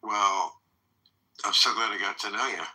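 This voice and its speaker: A man hosting a podcast in casual conversation, halting and full of restarts. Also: on the low side, bright, forceful tone, rough recording. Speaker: podcast host. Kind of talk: casual chat.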